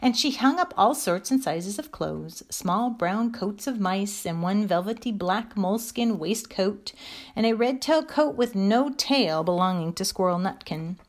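A woman reading a children's story aloud in a gentle, expressive way. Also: medium pitch, unhurried.

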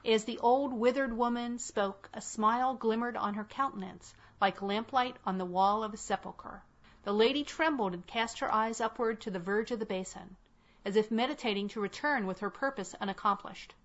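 A woman narrating a classic tale in a measured, unhurried reading. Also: fairly high pitch. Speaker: audiobook reader. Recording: dull lo-fi recording.

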